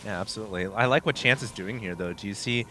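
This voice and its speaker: Man, esports color commentator, bright sharp voice, upbeat, faint background noise. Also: fairly low pitch, quick pace. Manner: upbeat, jokey, laughs easily. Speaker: esports caster.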